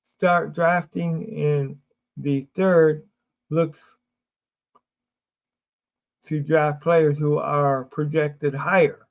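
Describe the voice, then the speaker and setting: A man's voice: fairly high pitch, little pitch movement, drawn-out words, gravelly, long pauses, dull audio. A man hosting a casual sports livestream, rambling with fillers and restarts, sleepy and yawning. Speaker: sports show host.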